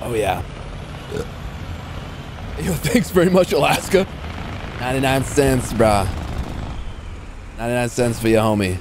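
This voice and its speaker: A man's voice: mid-range voice, unhurried, long pauses. A young man livestreaming a game, chatting casually and teasing with playful jokes and bursts of cheering. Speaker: livestreaming gamer. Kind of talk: casual gameplay commentary. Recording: game noise behind the voice. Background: gunfire and vehicle sounds from the game.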